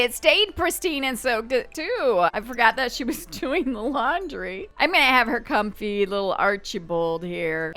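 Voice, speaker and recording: A woman narrating her life-simulation game in a chatty, expressive way, often scolding the characters. Her voice is bright, crisp and slightly high, with faint music underneath. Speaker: game streamer. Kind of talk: casual let's-play narration.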